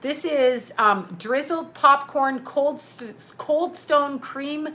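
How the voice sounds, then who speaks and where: A woman's voice: high voice, takes it slowly. A middle-aged woman vlogging at home, unboxing a care package with lots of laughing and exclamations. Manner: excitable, laughs often, exclaims "oh my God".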